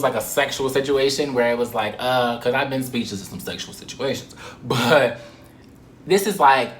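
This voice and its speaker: Animated, cursing young man telling a story. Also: mid-range voice. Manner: animated, profane, laughing asides. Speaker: vlogger. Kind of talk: casual storytime. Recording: roomy echo.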